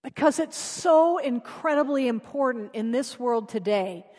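A woman preacher giving a sermon, telling stories earnestly and dropping her voice soft for emphasis. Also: a little high, animated, measured pace, big-room sound. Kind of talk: sermon with storytelling.

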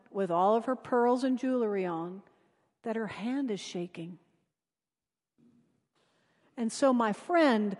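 A woman preacher tells stories in a sermon, earnest and often dropping soft for emphasis. Her voice sits high. A long reverb fills the church around her. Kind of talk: sermon with storytelling.

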